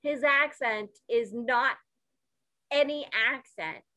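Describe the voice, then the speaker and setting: A woman co-hosting a podcast in a bright, fairly high voice, talking at an unhurried pace. She is playful and excitable, often exclaiming. The recording is close and dry. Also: no echo. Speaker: podcast co-host. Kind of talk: casual comedic chat.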